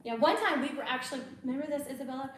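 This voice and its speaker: A woman's voice: high voice, expressive, very fast. A woman, chatting casually as host and telling stories with a lot of laughter. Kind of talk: casual chat. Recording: very echoey room, faint noise.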